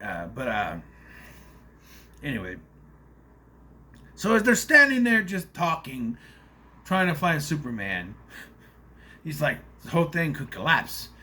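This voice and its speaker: Animated bright-voiced man ranting. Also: mid-range voice, slow pace, pauses often. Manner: exasperated, nitpicking, rambling with many fillers. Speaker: movie reviewer. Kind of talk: casual spoiler review rant.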